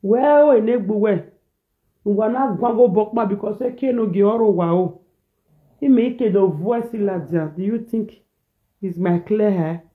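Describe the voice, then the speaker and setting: In this animated reaction rant, a Nigerian man with a high voice preaches and repeats himself, shifting from pidgin into a local language and back. He talks at a normal speed, and the thin recording sounds like it came through a phone.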